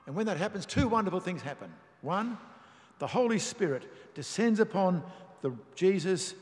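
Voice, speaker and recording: Emphatic preacher in an echoing hall. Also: male voice, on the high side, a little mellow. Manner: measured, emphatic reading of scripture. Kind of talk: sermon. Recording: long reverb of a large hall.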